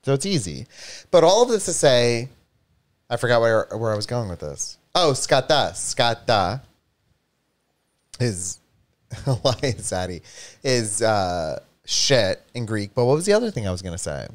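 A man's voice: mid-range voice, sing-song, unhurried. A man co-hosting a casual livestream chat, joking and teasing, often losing his train of thought. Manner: teasing, jokey, trails off mid-thought. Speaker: co-host.

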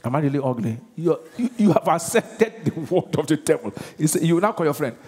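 A man's voice: fairly high pitch, expressive, brisk, a little mellow. A Nigerian man preaching a sermon as pastor, emphatic and constantly quizzing his congregation. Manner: emphatic, keeps asking the congregation questions. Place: large church auditorium. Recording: long reverb of a large church hall.

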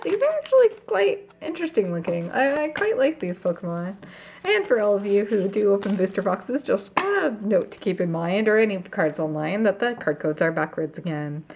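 A woman vlogging a card pack opening, gasping and gushing with excitement as she reads out each card. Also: mid-range voice, vocal fry, a little hiss or hum. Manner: gasping, gushing, breathless exclamations. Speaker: YouTuber opening trading card packs. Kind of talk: excited unboxing vlog.

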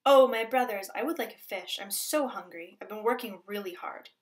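A woman's voice: mid-range voice, normal speed, recorded from a distance, natural voice. A woman reading a storybook aloud, voicing a tricky, hungry male raven spirit who pleads for a fish and then threatens. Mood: pleading.

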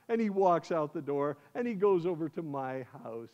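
An American man, a guest preacher, telling a sermon as a lively first-person story. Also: a little high, moderate pace. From United States. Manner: animated, acts out scenes in first person. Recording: dull lo-fi sound.

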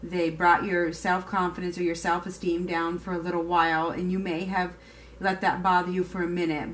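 A woman's voice: lowish voice, a little hiss or hum. A woman giving a casual tarot reading to her viewers, chatty and emphatic, now and then swearing. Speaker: tarot reader.

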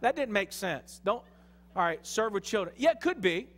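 A man with a Southern US accent preaching an excitable, shouting sermon as pastor in a church. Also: high-pitched, normal speed, big-room sound. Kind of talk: fiery sermon. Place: church sanctuary.

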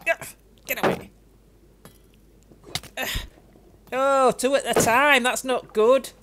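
An older woman, chatting excitedly to herself as she plays a video game. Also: sits high, takes it slowly, noisy background. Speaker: gaming YouTuber. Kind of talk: game commentary.

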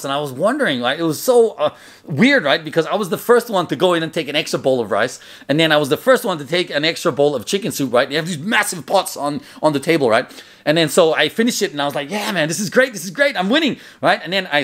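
A man narrating his own memories in a casual, rambling way, full of fillers and restarts. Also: fairly high pitch. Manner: chatty, loose, filler-heavy, with loud acted shouts in quotes. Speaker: memoir narrator. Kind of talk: casual spoken storytelling.

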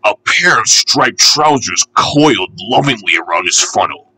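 A man reading a children's storybook aloud, gentle, unhurried and expressive. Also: lowish voice, poor audio.

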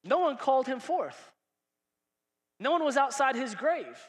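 A man preaching a lively sermon, acting out dialogue and rising to shouts. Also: very high voice, unhurried, big-room sound. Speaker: pastor. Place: large church hall.

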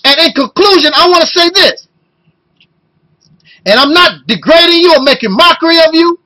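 A man in his fifties delivering an impassioned video rant, talking loud and emotional and firing off rhetorical questions. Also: very high-pitched, expressive, normal speed, poor audio. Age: 50s. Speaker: video blogger.

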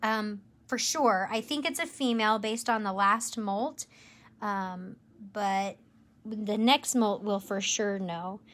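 A woman educator presenting tarantulas in a live stream, enthusiastic and gentle, cooing at the animals. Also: medium pitch, slow. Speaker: insect zoo educator. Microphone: livestream camera mic.

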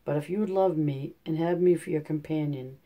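A man's voice: fairly high pitch, fairly quick, mellow, close to an everyday voice. A man reading a storybook aloud, voicing an old male frog who is coaxing and insistent. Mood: bargaining.

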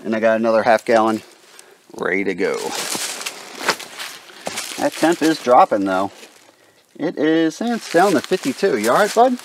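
A man's voice: medium pitch, big pitch swings, a little slow, long pauses, background noise. A man vlogging from a forest campsite, casually explaining his gear and chatting to his dog. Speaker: backpacking vlogger. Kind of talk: casual outdoor gear demo.

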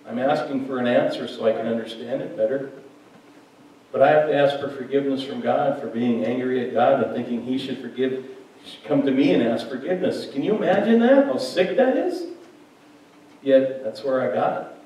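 A man's voice: medium pitch, steady tone, brisk, warm tone, slight background noise. A male pastor preaching a sermon in a conversational way, joking with his congregation in a church hall. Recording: very echoey hall, mic far off.

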